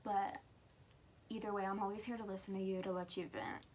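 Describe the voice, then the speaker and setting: A woman's voice: mid-range voice, flat delivery, brisk, a little mellow, a little hiss or hum. A teenage girl talking earnestly and frankly to camera as a vlogger, with emphatic stresses and stretches that drop to a whisper. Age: teen.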